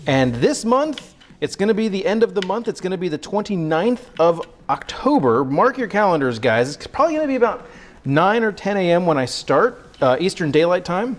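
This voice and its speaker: Out of breath from sawing, a man runs a cooking livestream from his home kitchen, his high-pitched voice sing-song and at a normal speed. He keeps up casual, rambling chat with viewers, joking and poking fun at himself as he cooks.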